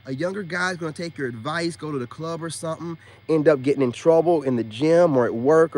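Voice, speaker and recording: A man's voice: fairly high pitch, darkish tone, husky. A man in a casual, scolding rant to his viewers, emphatic and slangy, often repeating himself for emphasis. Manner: slangy, calls listeners man and bro. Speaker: self-styled spiritual dating coach.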